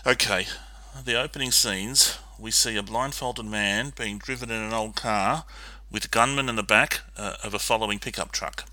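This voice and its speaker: A man co-hosting a film podcast, recapping scenes in a steady, methodical way with frequent ums. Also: on the low side, normal speed. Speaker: podcast co-host. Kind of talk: casual film discussion and plot recap.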